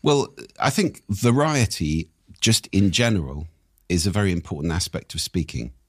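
An older man with a croaky voice, coaching on speaking in a casual, animated conversation. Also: normal speed, no room sound, studio quality. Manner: animated, swoops up and down in pitch.

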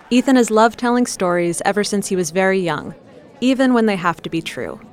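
A woman hosting a storytelling show, reading the links in a calm, measured way. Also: mid-range voice. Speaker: host. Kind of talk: scripted narration.

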